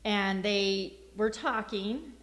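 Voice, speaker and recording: A middle-aged woman giving a personal church testimony, a lively storyteller who acts out the dialogue in her story. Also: mid-range voice, takes it slowly.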